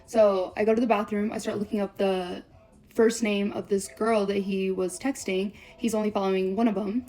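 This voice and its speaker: A woman's voice: mid-range voice, flat delivery, warm tone. Foul-mouthed young woman telling a story. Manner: blunt and profane, swears constantly; rapid run-on storytelling. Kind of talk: storytime vlog, recounting a breakup.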